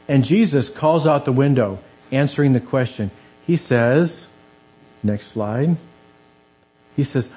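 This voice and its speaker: A man's voice: mid-range voice, mellow, poor audio. A man preaching a conversational sermon in a church, acting out the quoted voices as he goes.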